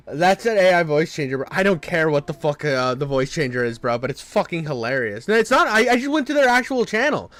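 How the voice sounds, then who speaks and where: Crude, high-voiced male reaction streamer. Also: sing-song, brisk, hardly any pauses, fairly bright tone. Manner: crude, profane, laughs often. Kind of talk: casual reaction commentary.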